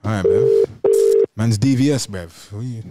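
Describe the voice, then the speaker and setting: A young man co-hosting a live call-in show, trading jokes in fast slang banter. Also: on the low side, heavy background noise. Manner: fast, jokey, ends lines with "bruv". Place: studio.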